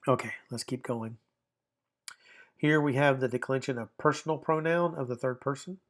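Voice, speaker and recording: A man's voice: mid-range voice, normal speed. A man gives a recorded online grammar lesson in a mid-range voice. He explains patiently and step by step, often restating a point before moving on. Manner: explanatory, repeats and rephrases himself with fillers. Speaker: Greek grammar teacher.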